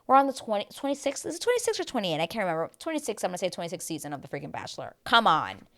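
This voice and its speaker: A young woman chatting casually through a reality TV recap, gossipy and animated, acting out what people said. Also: mid-range voice, very fast. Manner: gossipy, animated, slips into squealing quoted voices.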